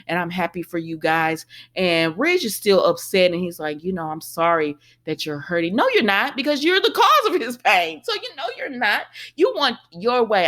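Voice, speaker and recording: A woman casually recapping a soap opera episode, paraphrasing the characters and reacting with exclamations while talking to her viewers. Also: on the low side. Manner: animated, exclaims, paraphrases dialogue, addresses viewers as y'all. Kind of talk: casual chat.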